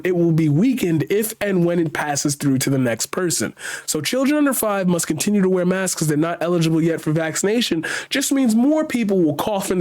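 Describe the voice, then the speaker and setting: A man with a high voice does reaction commentary on a news story. He races through the quoted lines. Then he rants slowly and loudly, swears, and repeats the same phrases over and over. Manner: rapid when reading, slow and emphatic when ranting. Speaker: commentary streamer.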